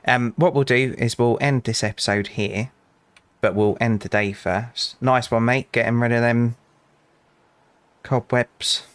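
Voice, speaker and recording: A man's voice: medium pitch, fairly even intonation, unhurried, clean tone, no echo. A young British man casually commentating a game, chatting to customers and telling rambling anecdotes with dry asides. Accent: British English. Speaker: gaming channel host. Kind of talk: casual let's play commentary.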